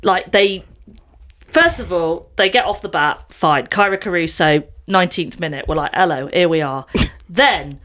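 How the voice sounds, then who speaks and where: Woman podcast host rattling off stories, chatty and animated, casual talk. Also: fairly low pitch. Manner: chatty storyteller, quick and animated. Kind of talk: casual chat.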